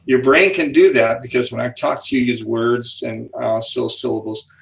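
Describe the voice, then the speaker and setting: Gravelly older man explaining with enthusiasm. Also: mid-range voice, normal speed, recorded from a distance, rough recording. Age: 70s. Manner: animated, builds suspense with "ready? here we go". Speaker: psychology speaker and author, interview guest.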